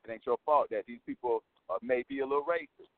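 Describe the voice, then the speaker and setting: A man's voice: mid-range voice, quick pace, no room sound. A man who works as a motivational coach, telling a story in an interview in an emphatic way, repeating his points and checking in with the listener. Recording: dry phone-line sound.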